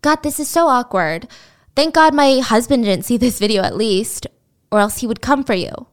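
Awkward eager young guy, read by a woman in her own voice, fairly high, flustered. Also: expressive, normal speed, lightly acted. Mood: apologetic.

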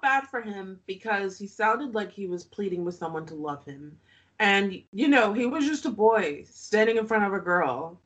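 A woman's voice: medium pitch, animated, normal speed, a bit bright. A woman co-hosting a podcast, recapping a reality show in casual chat, often laughing and making sarcastic asides.

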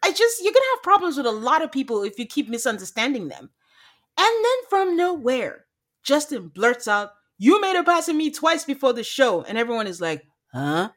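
A woman's voice: high-pitched, big pitch swings, normal speed. A woman co-hosting a podcast, recapping a reality show in casual chat, laughing often and acting out quotes. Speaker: podcast co-host.

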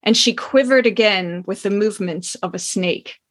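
A woman's voice: mid-range voice, normal speed. A woman hosting a podcast, chatting playfully and reading a passage from a novel aloud. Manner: playful, laughs often. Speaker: podcast host.

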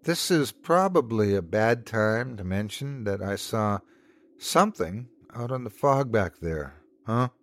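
A man's voice: fairly low pitch, animated, unhurried. A man voicing a shaken but mildly sarcastic young woman passenger in a horror story reading. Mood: uneasy.

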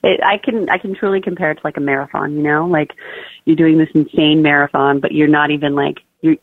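Young woman, interview guest, chatty storyteller; gravelly fry; tinny phone-line sound. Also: low-pitched, steady tone, fairly quick, no echo. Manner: chatty, fills speech with "like" and "you know". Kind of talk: personal birth story told in an interview.

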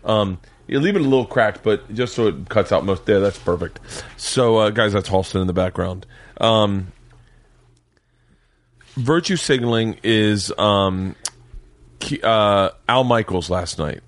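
A man hosting a podcast, telling stories loudly with plenty of swearing in casual chat. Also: fairly low pitch, a little slow, dry recording. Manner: loud, profane storyteller. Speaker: podcast host. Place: home man cave.

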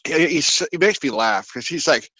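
A man calling in to a sports radio show, talking in a halting, rambling way with many fillers. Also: a little high, animated, pushed and bright, dry recording, rough recording. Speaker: caller. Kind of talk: sports call-in talk.

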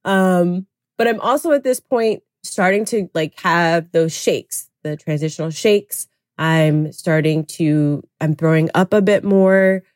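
Low-voiced woman telling a personal story. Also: darkish tone, no room sound, studio quality. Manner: candid, reflective, heavy use of "like". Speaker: podcast guest. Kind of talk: personal storytelling in a podcast interview.

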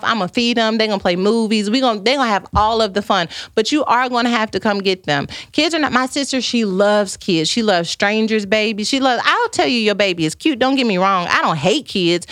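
Middle aged lady chatting on her stream, laughs a lot, lively storyteller, dry sound. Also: a little high, no echo. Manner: animated storytelling, frequent laughter. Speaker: live-stream host reading viewer comments. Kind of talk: casual chat.

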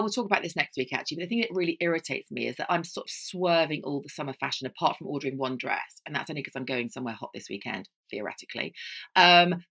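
A woman's voice: low-pitched, pushed and bright. A woman co-hosting a podcast in casual chat, full of exclamations and mock outrage. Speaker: podcast co-host.

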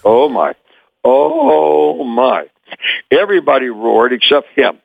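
An older man from Memphis, Tennessee, telling animated stories as an interview guest and chuckling often. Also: medium pitch, takes it slowly, gravelly, slightly rough, no echo, narrow, tinny audio. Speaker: guest, former child actor. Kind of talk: anecdotal storytelling.

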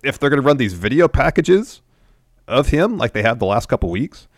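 A man's voice: mid-range voice, brisk, no room sound, clean studio sound. A man co-hosting a casual podcast, recapping events step by step and adding opinions. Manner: steady recap, then opinions. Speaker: podcast co-host.

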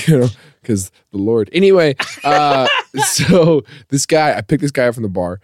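A man hosting a podcast, telling a funny story in a loose, animated way and laughing often as he goes. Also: medium pitch, normal speed, no echo, clean studio sound. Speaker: podcast host. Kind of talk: comedic storytelling.

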